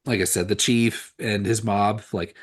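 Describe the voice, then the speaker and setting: Talking about a horror movie on a podcast he co-hosts, this man has a lowish, husky voice and a steady, unhurried tone. His casual commentary wanders and swears, packed with "like" and false starts.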